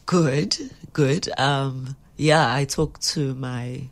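A woman's voice: extremely low pitch, fairly even intonation, very slow. A woman, an actress being interviewed, who chats animatedly, laughs often and slips Zulu phrases into her talk. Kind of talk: casual interview chat.

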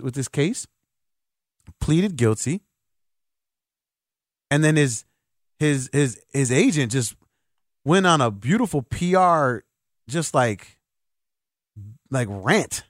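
A man's voice: fairly high pitch, no echo, clean studio sound. A man hosting a sports talk radio show, giving opinionated, emphatic takes on the air.

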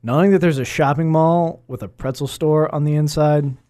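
A man's voice: fairly high pitch, fairly even intonation, normal speed, dark tone. A man co-hosting a podcast in casual chat, laid-back and joking, with hesitant restarts. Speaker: podcast co-host.

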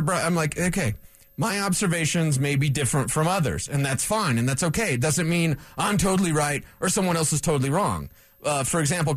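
A man hosts a sports talk show in a fairly high voice, venting his opinions bluntly and with plenty of feeling. The sound is dry and close, with no room echo. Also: a bit bright. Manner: ranting, blunt and emotional. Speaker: sports radio host.

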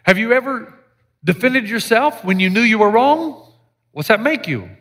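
A man preaching a sermon as pastor, animated and joking, with sudden shouted lines. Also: sits high, moderate pace, a little hiss or hum. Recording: live sermon with long hall reverb.

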